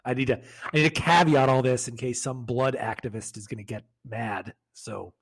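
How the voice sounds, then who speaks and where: A man with a husky, slightly breathy voice co-hosts a comedy podcast. He talks at an everyday pitch in a relaxed, easygoing way and laughs often. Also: normal speed. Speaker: podcast co-host. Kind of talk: casual comedic chat.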